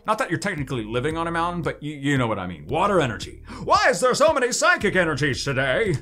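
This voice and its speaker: A man's voice: a little high, very animated, fast talker, bright, forceful tone, soft background music. A man casually chatting while opening trading card packs in his home studio, playful and joking. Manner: playful, swoops into silly voices and mock wails. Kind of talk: excited pack-opening chatter.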